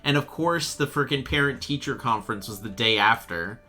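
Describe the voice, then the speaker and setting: A young man chatting while he plays a game, telling a rambling, animated story and swearing freely. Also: medium pitch, normal speed. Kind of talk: casual storytelling chat.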